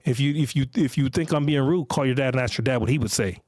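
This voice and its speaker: A man's voice: mid-range voice, fast, darkish tone, no echo, clean studio sound, natural voice. A man acting out a blunt, slangy stepfather figure firmly warning a teenager. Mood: stern warning. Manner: firm, slangy, talks down to the kid. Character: blunt streetwise man scolding a teen.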